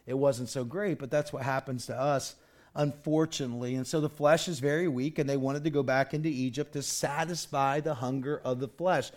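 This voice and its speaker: A man's voice: medium pitch, steady tone, a little fast. A man preaching a sermon in a conversational way, full of rhetorical questions, restarts and "you know". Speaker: pastor.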